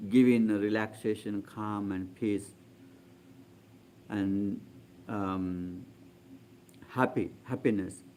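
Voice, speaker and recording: Man, meditation teacher, very slow pace, halting with fillers. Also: lowish voice, warm tone. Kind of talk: guided meditation talk.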